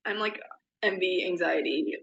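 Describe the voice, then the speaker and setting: Brief: young woman, bright tense voice, rambling and self-deprecating, dull muffled audio. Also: on the low side, a little slow, creaky. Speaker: podcast co-host. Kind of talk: casual chat.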